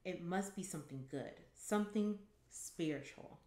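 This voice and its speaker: A woman reading a short story aloud at home in a calm, measured way. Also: sits low. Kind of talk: audiobook-style story reading. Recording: echoey room.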